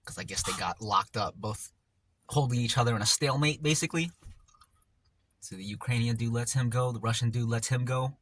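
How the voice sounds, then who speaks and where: A man's voice: medium pitch, brisk, fairly bright tone. A man telling a story casually while eating on camera, in a rambling, laid-back way full of slang, often trailing off mid-thought. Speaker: mukbang vlogger.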